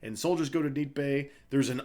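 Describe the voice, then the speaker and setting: Guy on a podcast rambling through a story, lots of uhs and likes, regular middle pitch. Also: brisk, darkish tone. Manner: rambling retelling full of uh and like. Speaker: podcast co-host. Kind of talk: casual book discussion.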